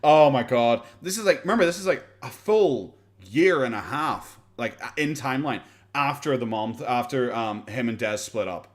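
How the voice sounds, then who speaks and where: A man's voice: mid-range voice, animated, normal speed. Sarcastic Irish man, profane reaction talk. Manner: sarcastic, profane, laughs often. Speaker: commentator reacting to a video. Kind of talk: casual reaction commentary.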